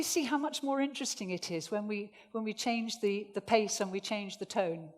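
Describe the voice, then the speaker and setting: A woman running a presentation skills workshop for a live audience, jokey and lively, swinging her voice up and down to make her points. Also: normal speed, few pauses. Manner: lively, jokey, swings pitch widely for demonstration. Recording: echoey hall reverb.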